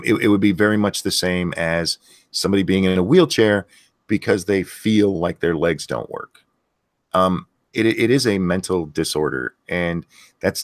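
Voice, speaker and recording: A man's voice: sits low, dry recording, clean studio sound. A man hosting a live stream, talking in a blunt, profane, casual way and reading chat messages aloud. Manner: blunt and profane, many fillers and restarts. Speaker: host of a live stream show.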